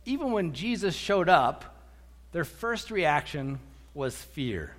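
A man preaching a sermon as a pastor, animated, acting out quotes and repeating words as he goes. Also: on the high side, slow. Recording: echoey hall.

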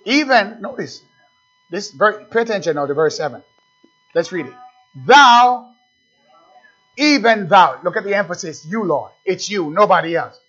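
High-voiced preacher, emphatic sermon. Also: male voice, animated, fairly bright tone, breathy edge. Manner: emphatic, slows down to stress scripture. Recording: dull lo-fi recording.

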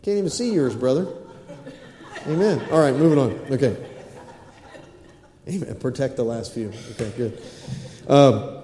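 A man's voice: mid-range voice, moderate pace, pauses often, mellow. A man preaching a sermon in a church, talking with his congregation in an easygoing, folksy way. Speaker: pastor. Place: church sanctuary. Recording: echoey hall.

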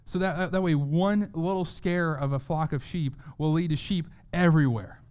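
Male pastor, sermon delivery, smooth resonant voice, earnest, repeats words for emphasis. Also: on the high side, normal speed, a little mellow. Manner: earnest, repeats words when stressing a point.

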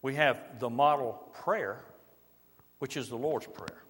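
A middle-aged man preaching a sermon, reading scripture and dropping to soft, slow emphasis on key lines. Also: medium pitch, a little hiss or hum. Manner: varies loudness widely, drops to soft slow emphasis. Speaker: pastor. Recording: long reverb of a large hall.

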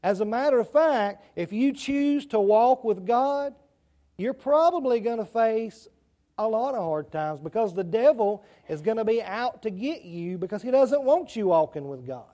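A man's voice: high voice, animated, normal speed, dark tone. A man with a rural Southern country accent giving a children's sermon in church, chatty and asking the kids questions. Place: church sanctuary.

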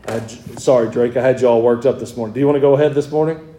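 A pastor in his forties preaches in a church sanctuary, turning fervent at moments before chatting warmly with the congregation. His mid-range voice is very fast and dark in tone, with fairly even intonation, a roomy sound, and slight background noise.

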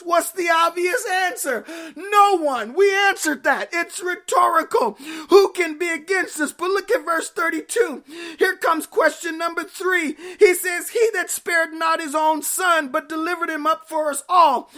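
A woman preacher delivering an impassioned sermon, shouting out scripture in slow, emphatic phrases and calling out to her congregation for responses. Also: very high voice. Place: church.

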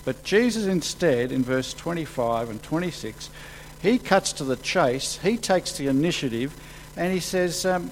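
A man preaching a sermon, acting out the quotes he reads with sudden rises in pitch and volume. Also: unhurried, a little hiss or hum, low-quality recording. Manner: animated, acts out quotes with sudden jumps in pitch and loudness.

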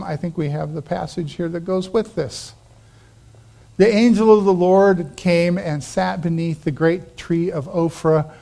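A man preaching a sermon as a pastor, animated and acting out the quoted voices, dropping to quiet asides. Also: sits high.

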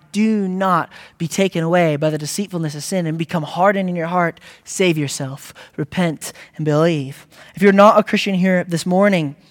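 A man preaching a sermon, building from quiet reflection to loud exhortation. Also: high-pitched. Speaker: pastor. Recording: long reverb of a hall.

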